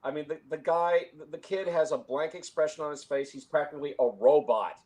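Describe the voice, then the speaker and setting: A man's voice: a little high, brisk, a crowd in the background. A man in a casual film discussion, talking at length with frequent restarts and chuckles. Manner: rambling, many restarts, chuckles. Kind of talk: casual conversation.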